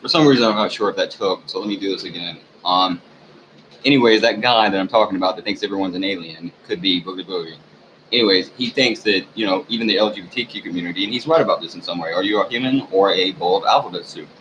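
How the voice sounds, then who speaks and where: A man ranting in a rambling, profane monologue for his channel, halting often with fillers. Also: deep voice, fairly bright tone. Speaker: channel owner. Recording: dull lo-fi recording with faint hiss.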